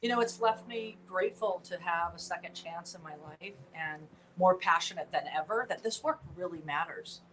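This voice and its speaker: A woman's voice: fairly low pitch, normal speed, few pauses, fairly bright tone, a little hiss or hum, rough recording. A middle-aged woman from Southern California, a nonprofit founder talking earnestly and with animation as a guest in an interview. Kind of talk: interview conversation.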